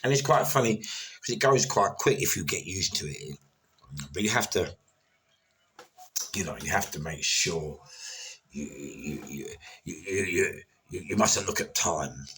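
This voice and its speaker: A man's voice: low-pitched, animated, a little slow, long pauses, bright, forceful tone, slight background noise. A middle-aged man, telling stories about his past in a rambling, casual way and often stuttering and repeating words. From London. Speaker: former prisoner telling stories. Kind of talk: casual storytelling.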